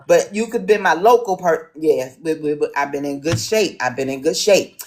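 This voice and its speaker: A woman's voice: low-pitched, normal speed, darkish tone, a little hiss or hum. A woman from Washington, D.C. moderating an online town hall, talking casually with lots of ums and restarts.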